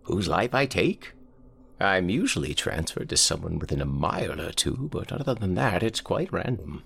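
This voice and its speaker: An actor voicing a frail, haunted old man confessing, with a raspy voice and a slow, pleading delivery. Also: low-pitched, big pitch swings, fairly bright tone, pitched above the performer's own voice, heavily acted. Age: older.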